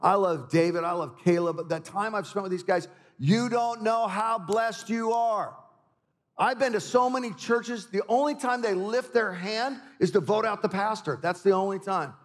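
A man preaching a sermon as a visiting pastor, an animated storyteller who mixes scripture with jokes and family anecdotes. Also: high-pitched, normal speed. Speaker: guest preacher. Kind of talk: sermon with personal stories and humor. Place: church sanctuary. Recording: reverberant church hall.

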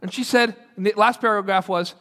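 A man preaching a sermon as a pastor, earnest and full of stories, who slows down to read quotes. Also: high voice, fairly even intonation, sharp tone, in a large hall.

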